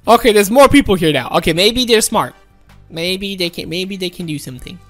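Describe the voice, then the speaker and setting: A woman's voice: fairly high pitch, measured pace, gravelly, faint music behind. A woman giving casual gameplay commentary, playful and coaxing her teammates, often laughing. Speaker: gaming commentator.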